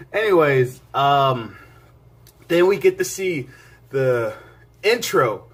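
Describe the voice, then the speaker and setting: A man hosting his own movie review vlog, talking in an excited, rambling way with lots of restarts and side remarks, jumping between loud bursts and quiet mutters. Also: medium pitch, slow pace, husky. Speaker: movie reviewer and channel host. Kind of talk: casual spoken movie review.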